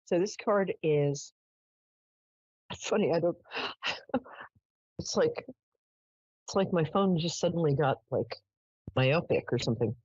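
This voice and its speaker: A woman's voice: sits low, takes it slowly, long pauses, husky, no echo, dull audio. A woman hosting a live psychic call-in show, who chats casually, tells stories and laughs often. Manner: chatty, animated, lots of "um"s and laughs. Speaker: psychic radio host.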